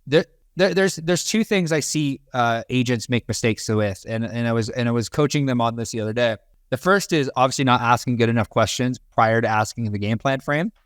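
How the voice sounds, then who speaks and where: A man's voice: medium pitch, brisk, dry recording, studio quality. A man hosting a real estate podcast, talking loosely with many fillers and restarts. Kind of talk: casual coaching chat.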